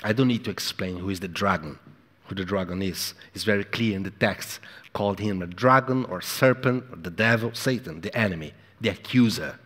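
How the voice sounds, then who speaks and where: A man preaching a sermon in an emphatic, repetitive way, moving between hushed and loud delivery. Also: sits low, fairly quick. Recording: echoey hall with long reverb.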